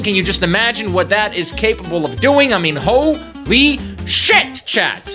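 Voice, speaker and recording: A man's voice: sits high, sharp tone. A man streamer narrating his game playthrough in a casual, joking, crude and self-mocking way. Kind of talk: casual comedic recap narration.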